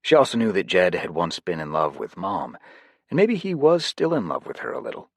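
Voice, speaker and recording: Male audiobook narrator, lowish voice, lively intonation, dry close sound. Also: a little fast, slightly rough, no room sound. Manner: expressive, varied delivery.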